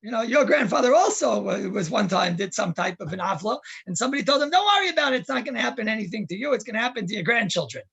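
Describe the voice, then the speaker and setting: A man's voice: high voice, animated, quick pace, few pauses, fairly bright tone, heavily acted. A man voicing a sly, skinny little male fox who talks his way out of trouble, in a storytelling sermon. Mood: mocking. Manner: smooth-talking, persuasive.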